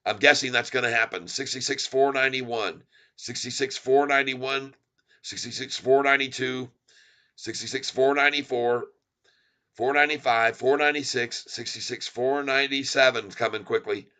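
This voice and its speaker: A middle-aged man hosting a live stock market stream, calling out share counts and prices in an excited, rapid patter. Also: medium pitch, smooth. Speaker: stock market livestream host. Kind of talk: live stock-ticker commentary.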